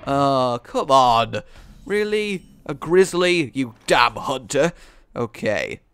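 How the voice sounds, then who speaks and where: A man's voice: medium pitch, animated, slow, a bit bright, clean tone. A man giving joking, rambling commentary over a card game he's playing, with sarcastic asides. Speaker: gaming video host. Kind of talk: let's-play commentary.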